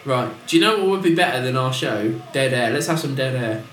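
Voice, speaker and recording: A man's voice: medium pitch, expressive, brisk, fairly bright tone, far from the mic. A young man co-hosting a casual comedic chat, rambling and jokey, laughing often. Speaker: podcast co-host. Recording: echoey room with faint hiss.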